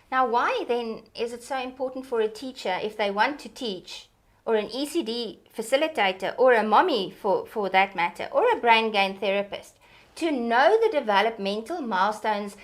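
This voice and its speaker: A woman, an early childhood development expert, explaining in an animated teacherly way during an interview. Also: fairly high pitch.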